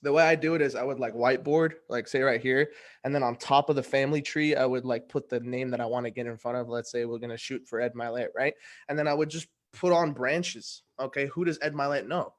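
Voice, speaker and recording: A young man telling a story in casual conversation, slangy and animated, acting out what people said. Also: mid-range voice, brisk. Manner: slangy, animated, acts out quoted dialogue. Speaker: guest giving a testimonial.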